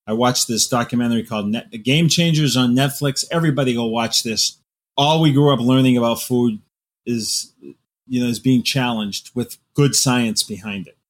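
A man talking as a novelist guest on a podcast, telling animated stories and laughing often. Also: mid-range voice. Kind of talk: casual podcast conversation.

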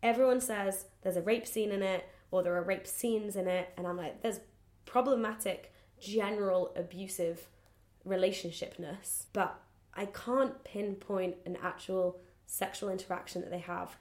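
A woman's voice: medium pitch, normal speed. A woman co-hosting a podcast, casually recapping a book and acting out its quotes as she goes. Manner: animated storytelling, acting out quotes. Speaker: podcast co-host. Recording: roomy echo.

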